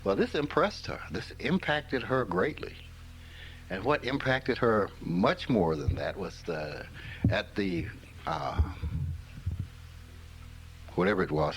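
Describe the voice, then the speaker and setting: A man's voice: fairly low pitch, expressive, measured pace, pauses often, soft background music, rough recording. An older man from rural Mississippi gives an informal spiritual talk, telling stories in a folksy way and chuckling often. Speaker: spiritual teacher.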